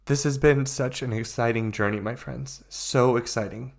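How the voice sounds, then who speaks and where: A man's voice: mid-range voice, fairly even intonation, normal speed, vocal fry, few pauses. A man hosting his own motivational podcast as a life coach, speaking emphatically with lots of repetition and addressing listeners as his friends.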